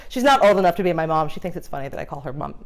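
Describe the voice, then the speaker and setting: A woman's voice: sits low, lively intonation, racing. A woman in casual interview chat, a cake designer and teacher telling stories with quoted asides and laughter.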